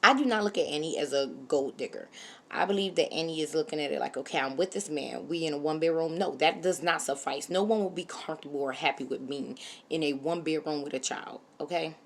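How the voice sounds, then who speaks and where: Low-voiced opinionated woman vlogger. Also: brisk. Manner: opinionated, animated, speaks straight to viewers. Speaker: reality TV reviewer. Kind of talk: casual opinion commentary.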